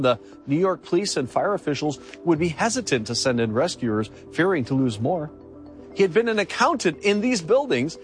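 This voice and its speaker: A man narrating a scripted news feature in a dramatic, measured way. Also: on the high side.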